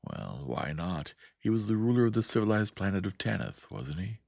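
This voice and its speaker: A man reading a science fiction novel aloud as a calm, steady audiobook narrator. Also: low-pitched, moderate pace, creaky, no echo, studio quality.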